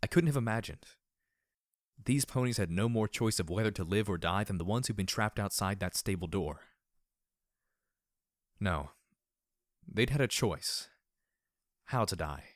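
A man reading a first-person story aloud in a measured, somber way. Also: lowish voice, lively intonation, no echo, studio quality. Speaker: audiobook reader.

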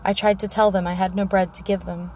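A woman reading the part of a frightened young noble girl, speaking in a shaken, halting way. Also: mid-range voice, flat delivery, dark tone, slight background noise, close to an everyday voice.

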